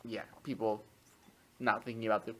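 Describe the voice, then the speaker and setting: A man in a reading group, reading long passages of a text aloud and then stopping to comment on them in a relaxed, thinking-aloud way. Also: fairly low pitch, normal speed, a little hiss or hum, low-quality recording.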